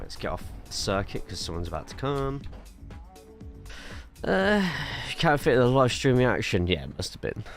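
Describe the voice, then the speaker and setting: A man with an English accent and a slightly low voice chats casually on a live stream, drifting between track tips and replies to viewers. Music plays clearly behind him. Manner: chatty, rambling, reads viewer chat aloud between driving tips. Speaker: sim racing streamer. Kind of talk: casual live-stream chat while driving.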